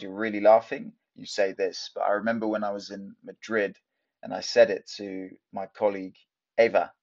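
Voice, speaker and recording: A man's voice: on the low side, gravelly, a little mellow, lo-fi sound. A man hosting a casual video language lesson, chatty and explaining things step by step. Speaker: language teacher.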